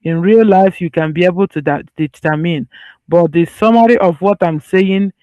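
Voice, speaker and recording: Man, high-pitched voice, medical lecturer, repeats himself for emphasis, casual restarts, dry dull recording. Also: moderate pace, warm tone, dry recording. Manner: conversational, loose phrasing with restarts. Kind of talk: slide-based teaching.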